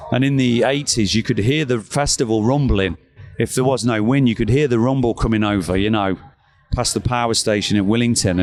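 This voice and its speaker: Man telling stories. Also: on the low side. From England, East Midlands. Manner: animated, acts out quoted voices, swears freely. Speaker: guest. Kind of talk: anecdotal storytelling. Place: backstage at a rock festival.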